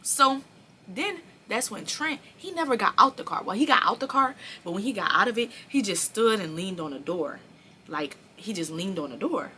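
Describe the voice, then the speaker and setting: A young woman telling a storytime vlog, animated and profane, speaking straight to her viewers. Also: medium pitch, a little fast, slight background noise. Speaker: vlogger.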